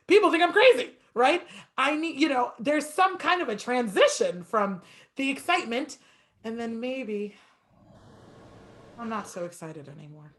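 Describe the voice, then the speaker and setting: Woman piano teacher, masterclass coaching, fast talker, animated pitch. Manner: talks fast and lively, stretches words for emphasis.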